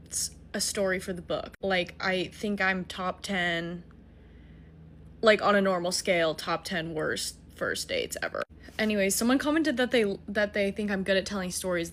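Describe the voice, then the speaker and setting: Young woman, bright sharp voice, lively cursing storytime monologue, pokes fun at herself. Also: lowish voice, slight background noise. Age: young adult. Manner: animated, profane, self-mocking. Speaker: storytime TikToker.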